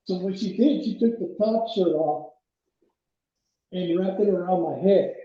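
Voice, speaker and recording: A man's voice: sits high, a little slow. A man in his seventies telling a story in an interview, rambling with restarts and chuckling now and then. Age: 70s. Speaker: interview guest, trail runner. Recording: very echoey room, dull lo-fi sound.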